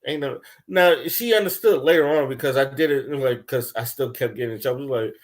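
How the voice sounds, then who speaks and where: A young man ranting casually, telling loose, profane stories with lots of laughter and swings between loud bursts and low mumbles. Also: fairly quick. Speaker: commentator. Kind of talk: casual rant.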